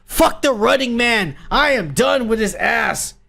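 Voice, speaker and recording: A man's voice: extremely high pitch, animated, measured pace, creaky, pushed and bright. A man hosting a podcast, delivering an angry, profane rant in a movie review and swearing constantly. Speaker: podcast host.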